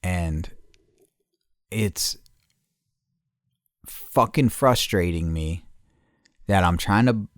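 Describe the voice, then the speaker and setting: A man's voice: deep voice, very slow, pauses often, no room sound, clean studio sound. A podcast host in casual, rambling storytelling, swearing a lot and repeating himself as he talks. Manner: profane, restless, repeats himself.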